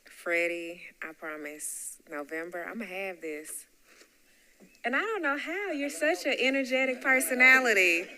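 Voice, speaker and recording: Southern woman running a council roll call; clear, bright tone, casual asides. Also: a little high, animated, unhurried. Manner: warm, chatty asides between names. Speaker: council chair. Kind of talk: public meeting roll call. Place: council meeting room.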